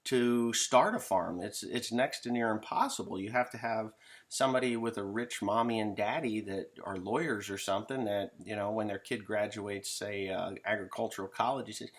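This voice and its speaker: A man's voice: lowish voice, moderate pace, fairly bright tone. A man who farms and talks in a casual, rambling monologue with jokes and frequent asides. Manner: joking, rambling, self-interrupting. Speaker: farmer vlogger.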